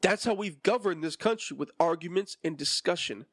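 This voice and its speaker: A man's voice: high voice, moderate pace, no echo. A man in his twenties hosting a solo podcast and ranting with passion and emphasis. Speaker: podcast host.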